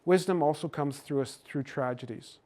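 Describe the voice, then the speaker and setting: An older Canadian man giving a gentle, folksy storytelling talk to a hockey team. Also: a little high, normal speed. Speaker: speaker on cultural mindfulness.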